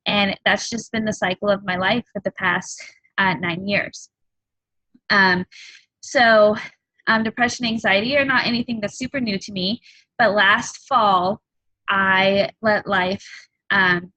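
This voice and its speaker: A woman in her thirties, a fitness coach, giving a candid and earnest personal testimony on a group call, halting often with ums. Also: medium pitch, fairly even intonation, pushed and bright, dry recording, poor audio. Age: 30s.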